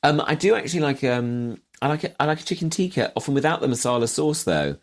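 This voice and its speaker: Man, comedian guest, lively swooping delivery, dry jokes, casual chat. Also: medium pitch, quick pace.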